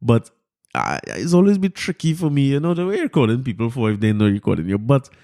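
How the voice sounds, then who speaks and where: A man with a Trinidadian accent hosting a podcast, talking through the news in a casual monologue, animated and incredulous, often repeating his words. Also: medium pitch, a little fast, dry recording, studio quality. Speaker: podcast host.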